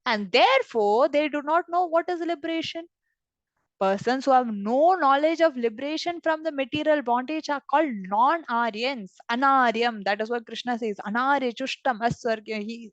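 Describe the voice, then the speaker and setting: A woman reading from scripture and explaining it in a devotional class, expressive, often laughing and giving everyday examples. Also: on the high side, normal speed, no echo, muffled recording. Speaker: scripture reader and teacher.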